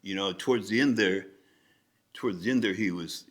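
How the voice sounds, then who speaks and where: An American man hosts a reaction video, musing casually and rambling as he thinks out loud. He often restarts his sentences, and his low voice moves at a normal speed.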